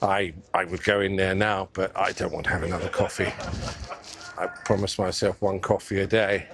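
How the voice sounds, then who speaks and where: A man's voice: deep voice, little pitch movement, normal speed, noisy background. Chatty man on a walking tour. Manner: chatty, musing aloud, addresses viewers as guys. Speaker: vlogger. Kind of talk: casual walking-tour commentary. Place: outdoors on city streets. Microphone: clip mic under his coat.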